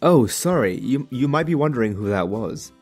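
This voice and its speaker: A man from Australia with an Australian accent, telling a comedic animated story in voice-over with a sarcastic, casual, slang-filled manner. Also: mid-range voice, moderate pace, husky, faint music behind.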